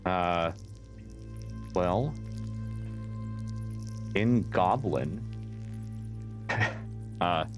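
A man playing a tabletop game, hesitant and thinking out loud. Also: deep voice, very slow, pauses often, faint music behind. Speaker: player. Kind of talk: casual tabletop play.

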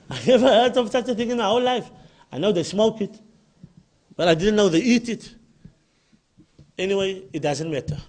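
A man's voice: sits high, animated, normal speed, pauses often, a little mellow. A man with a Cape Town South African accent giving an emphatic religious lecture and often repeating his key points. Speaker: Islamic lecturer.

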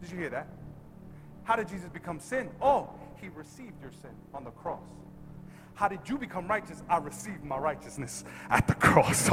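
A male pastor preaches a sermon to a congregation in a large church, his fairly high, expressive voice shifting between quick, quiet asides and loud, drawn-out shouting.

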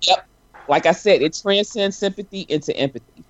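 A man co-hosting a casual chat about a TV show, animated and emphatic. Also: brisk, highs cut off. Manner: animated, acts out sobbing at a high pitch. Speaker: podcast co-host.

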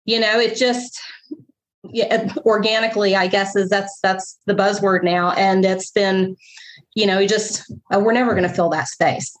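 A woman's voice: mid-range voice, fairly even intonation, moderate pace, poor audio. A middle-aged woman, a bakery owner, telling her story in an interview, emotional and rambling.

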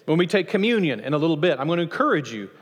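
A man preaching a sermon as pastor of a church, lively, acting out voices from the passage as he teaches. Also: rapid-fire. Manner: animated, acts out quoted voices with rising pitch. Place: church sanctuary. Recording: long church reverb.

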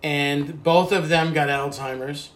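An older man reflecting on his family history in a relaxed conversation, halting at times as he remembers. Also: a little high. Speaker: guest telling family history. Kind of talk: casual conversation.

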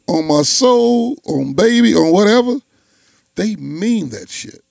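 A man's voice: high-pitched, animated, slow, vocal fry, a little mellow, dry recording. A man with a Chicago accent, chatting casually and laughing as he tells stories in slang. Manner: laughing storyteller, slangy, repeats himself. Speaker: podcast host. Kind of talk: casual chat.

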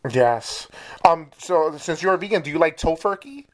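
A man with a New York accent hosting an interview, enthusiastic and quick to laugh, with many fillers. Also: on the high side, animated. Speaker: host. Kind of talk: casual interview chat.

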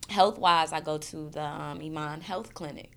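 Low-voiced earnest woman poet. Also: normal speed, fairly bright tone. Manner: earnest, emotional, repeats words while searching. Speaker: poet and performance artist. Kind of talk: candid interview conversation.

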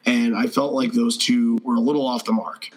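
A man's voice: medium pitch, steady tone, moderate pace, husky, low-quality recording. A man co-hosting a casual podcast, rambling with profanity and frequent restarts. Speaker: podcast co-host. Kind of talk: casual chat.

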